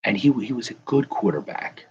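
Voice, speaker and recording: A man's voice: on the low side, lively intonation, normal speed, a little mellow, dull audio, a little hiss or hum. A man hosting a casual live chat, rambling and correcting himself as he answers viewers. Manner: rambling, self-correcting, chuckling. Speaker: livestream host.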